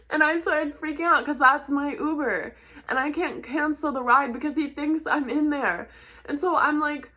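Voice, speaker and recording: Chatty young woman, higher voice. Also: moderate pace. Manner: chatty, animated retelling with frequent "like" and laughs. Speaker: model and vlogger. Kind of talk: casual storytelling to camera.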